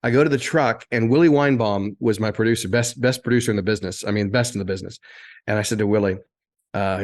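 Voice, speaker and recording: Animated middle-aged man telling stories. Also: on the low side, quick pace. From Indiana, USA. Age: 50s. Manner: animated, rambling anecdotes with frequent restarts. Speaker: guest, former TV sports and entertainment reporter. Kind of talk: casual interview storytelling.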